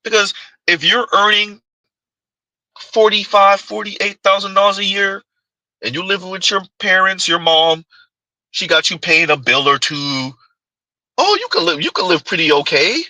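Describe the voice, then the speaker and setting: A man's voice: sits high, fairly even intonation, normal speed, bright, forceful tone, no room sound, rough recording. A man hosting a reaction commentary, talking rhetorically and often asking his audience "huh?". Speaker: commentary channel host.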